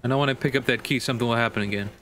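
A man's voice: mid-range voice, rapid-fire, a bit bright, slight background noise. A man giving nervous, profanity-laden commentary while playing a horror game, talking to his viewers. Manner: nervous, jumpy, swears a lot. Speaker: gaming video creator.

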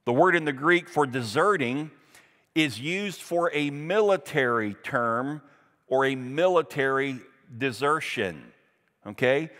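A man's voice: mid-range voice, a bit bright, long reverb tail. A man preaching a Sunday sermon as pastor, reading scripture aloud and stressing points with emphasis.

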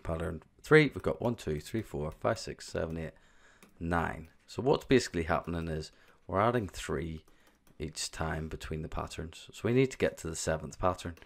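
A man's voice: sits low, expressive, moderate pace, creaky. A man teaching, walking step by step through exam revision questions. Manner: step-by-step explaining.

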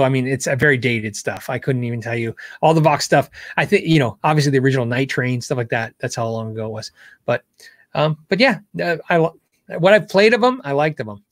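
A man's voice: medium pitch, no echo, studio quality. A middle-aged man hosting a casual live Q&A show, explaining guitar setup in a conversational way as a guitar tech.

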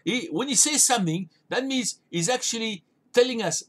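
A man's voice: very high voice, expressive, moderate pace, hardly any pauses. A man preaching a sermon as a pastor, urging listeners with emphatic, repeated commands. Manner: emphatic, repetitive exhortation.

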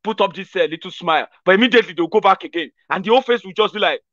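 A man with a Nigerian accent giving a casual, animated commentary monologue and acting out other people's lines as he goes. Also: high voice, rapid-fire, no echo, dull audio. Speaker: political commentator.

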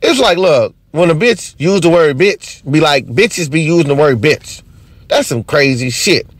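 A man rants through an unscripted, profane comedy monologue. His voice sits a little high and swings widely in pitch. The recording is dry and close, with no room sound. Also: measured pace, dry recording. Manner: profane, ranting, animated.

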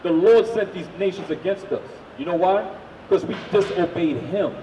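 A man street preaching, loudly firing questions at the crowd and drilling his points home. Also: high voice, normal speed. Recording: echoey, from far off.

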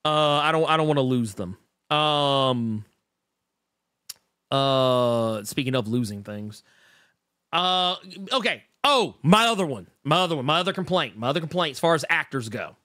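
A man co-hosting a casual podcast chat, talking in quick bursts with many stammered restarts and reading out viewer comments. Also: mid-range voice, expressive, sharp tone, no echo, clean studio sound. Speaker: podcast co-host.

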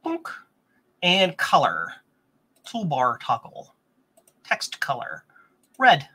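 A man hosting a casual live stream, rambling as he explains hardware and reads out viewer comments, often jumping up in pitch with excitement. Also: slow pace, husky. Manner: excitable, bursts into higher pitch. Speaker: host of a vintage computer stream.

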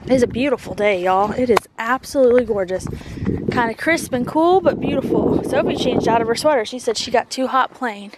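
Briskly and in a fairly high voice, the mother chats to the camera outdoors on a neighborhood street, and the recording is very noisy. She turns to a sing-song baby voice for her kids and puppies.

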